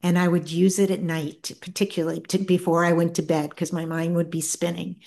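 Soft-spoken, earnest middle-aged woman. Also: fairly low pitch, level tone, vocal fry. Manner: soft-spoken, earnest, halting with many restarts. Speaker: author and interview guest. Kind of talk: reflective personal storytelling.

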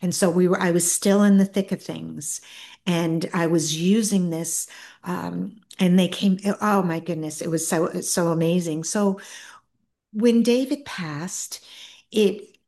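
A middle-aged woman, an author and guest, tells a personal story in a soft, earnest way, often stopping and restarting her sentences. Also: lowish voice. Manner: soft-spoken, earnest, halting with many restarts.

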